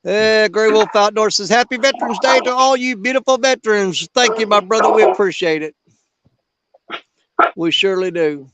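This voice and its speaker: A man's voice: high voice, normal speed, fairly bright tone. A man hosting a casual livestream, greeting viewers by name in a folksy, drawling way. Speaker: livestream host. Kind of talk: casual livestream chat reading viewer comments.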